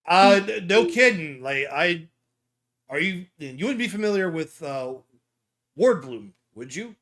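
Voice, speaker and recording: A man's voice: high voice, lively intonation, unhurried, a bit bright. A man playing a character in a tabletop game, speaking earnestly in character and describing his own actions. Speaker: player.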